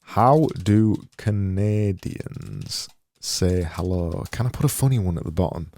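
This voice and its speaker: A man's voice: low voice, big pitch swings, unhurried, creaky, mellow. A man thinking aloud as he livestreams design work, rambling and muttering to himself with a self-mocking edge.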